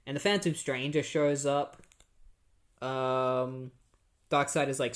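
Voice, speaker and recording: A man's voice: mid-range voice, steady tone, slow pace, pauses often. A young man hosting a podcast, casually recapping a comic book in a rambling way, full of fillers. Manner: rambling, filler-heavy, easygoing. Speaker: podcast host.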